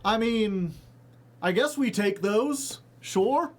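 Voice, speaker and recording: Slow, jokey card-game streamer. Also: medium pitch, expressive, soft background music. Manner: jokey, rambling, laughs often. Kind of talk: casual gameplay commentary.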